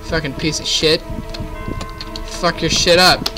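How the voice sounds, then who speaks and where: A man's voice: a little high, fairly even intonation, slow, low-quality recording. A young man commentating a horror game, venting his frustration with lots of swearing and rambling. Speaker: gaming YouTuber. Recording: game music playing underneath.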